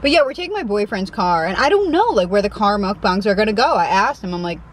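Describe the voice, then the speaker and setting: A woman's voice: mid-range voice, expressive, fast, slight background noise, low-quality recording. A young woman with a Connecticut accent, chatting casually and self-deprecatingly as she eats in a parked car for her eating vlog. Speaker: mukbang vlogger.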